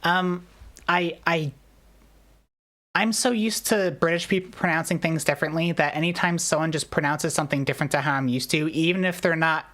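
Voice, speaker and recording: A woman's voice: sits low, a little fast, fairly bright tone. A woman streamer in casual chat, rambling and joking at her own expense. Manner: rambling, self-deprecating, jokey.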